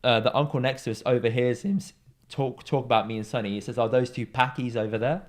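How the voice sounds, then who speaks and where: Young male podcast co-host, lively storyteller who does the voices, mid pitch. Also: quick pace. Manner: animated storyteller, acts out quoted voices with big pitch jumps. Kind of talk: casual storytelling chat.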